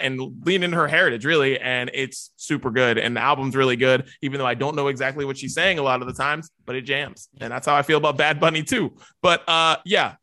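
A man's voice: mid-range voice, bright, forceful tone. A young man co-hosting a casual music podcast, easygoing and self-deprecating, laughing often. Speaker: podcast co-host.

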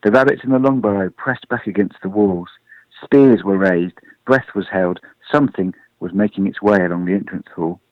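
A man reads a storybook aloud in a lively, expressive way. His voice sits low and dry, with a dull lo-fi radio sound. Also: normal speed, no echo. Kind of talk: storybook reading.

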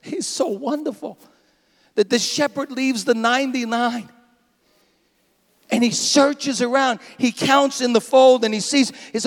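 A man preaching a sermon as pastor, dramatic and animated, now and then acting out a bleating sheep. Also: extremely high pitch, a little slow, big-room sound. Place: church sanctuary.

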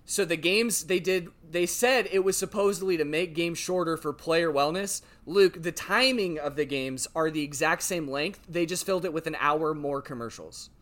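A man co-hosting a sports podcast, telling stories in an animated, rambling, casual way. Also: fairly high pitch, moderate pace, hardly any pauses. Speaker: podcast co-host.

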